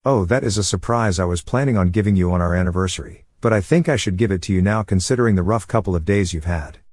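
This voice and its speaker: A man's voice: low-pitched, fast, a little mellow, dry recording. A man voicing an earnest, sheepish teenage boy ninja in a fan-fiction reading.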